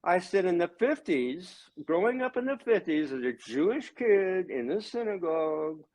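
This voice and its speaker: A man's voice: big pitch swings, normal speed. A man in his seventies, a religious brother and guest, talking in an emphatic, ranting way. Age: 70s. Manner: emphatic, ranting, swinging pitch and loudness. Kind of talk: heated conversational monologue.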